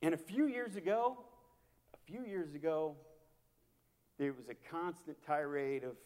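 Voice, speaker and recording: A man preaching a sermon as a pastor, impassioned and repetitive, swinging from hushed to loud. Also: fairly high pitch, measured pace, pauses often. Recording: long hall reverb.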